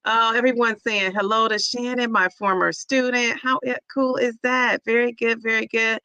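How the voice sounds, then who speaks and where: A woman's voice: fairly high pitch, flat delivery, moderate pace, sharp tone, clean tone, no echo, muffled recording. A middle-aged woman hosting a casual livestream, chatting effusively and greeting viewers by name as she reads their comments. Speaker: weight-loss vlogger hosting a livestream.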